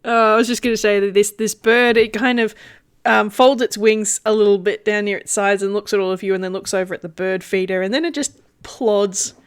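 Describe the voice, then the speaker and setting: Woman game master, mid-pitched, giggly and rambling, narrates a tabletop session with playful sound effects. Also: steady tone, a little fast, clear, resonant tone.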